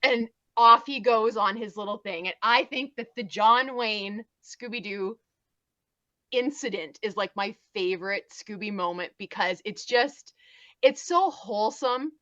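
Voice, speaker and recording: Bright enthusiastic woman on a podcast, dry dull-ish audio, does little cartoon voices. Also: unhurried, no room sound. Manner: enthusiastic, acts out cartoon lines in higher voices. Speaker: podcast panelist. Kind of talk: casual podcast chat.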